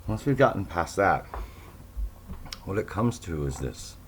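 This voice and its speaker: Man, solo podcast host, deep bass voice with a faint hiss behind it, sarcastic and rambling. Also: very animated, a little slow. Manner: sarcastic, rambling, with mocking asides. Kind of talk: casual monologue to listeners.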